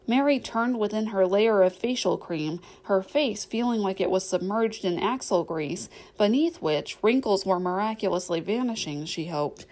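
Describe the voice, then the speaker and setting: A woman narrating a novel aloud in an audiobook reading. Her delivery is steady and storytelling. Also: mid-range voice, moderate pace, hardly any pauses, poor audio.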